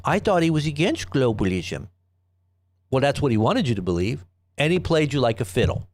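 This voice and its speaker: A man's voice: medium pitch, big pitch swings, moderate pace. Sarcastic rambling male news commentator. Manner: sarcastic, rambling, reads quotes aloud with mocking emphasis. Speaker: host of an online news commentary show. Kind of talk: live commentary.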